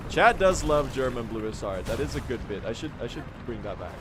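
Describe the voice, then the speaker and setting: Chatty young man with a lively voice. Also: medium pitch, fairly quick, background noise. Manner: chatty, self-mocking, laughs often. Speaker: speedrun streamer. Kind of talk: casual live-stream chat.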